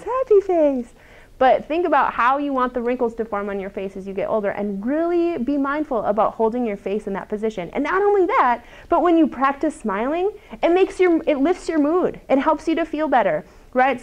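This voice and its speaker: Chatty woman presenter, laughing often. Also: a little high. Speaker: workshop presenter. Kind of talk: lunch-and-learn talk to a small group.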